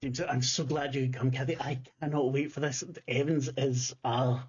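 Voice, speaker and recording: A man voicing an excitable, easily flustered Welsh gentleman who speaks breathlessly, on dull lo-fi audio. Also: medium pitch, normal speed, breathy edge, close to an everyday voice. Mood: excited.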